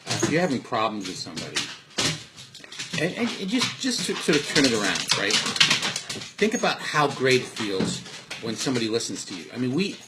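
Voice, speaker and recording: A man with a mid-range voice gives earnest parenting and life advice from home in a casual, rambling monologue full of restarts. There's background noise, with dogs and household sounds faintly audible.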